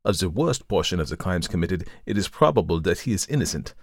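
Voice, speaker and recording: A man voicing a calm, methodical male detective who reasons aloud in a measured, lecturing way, in an audiobook reading. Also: deep voice, no echo, clean studio sound, full character voice. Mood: reasoning.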